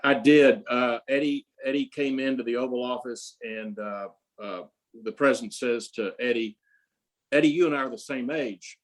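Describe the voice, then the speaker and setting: Older man, interview guest, storytelling, restarts, quoted dialogue, even middle pitch. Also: moderate pace, low-quality recording. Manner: rambling anecdotes with frequent restarts and quoted dialogue. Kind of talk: casual storytelling.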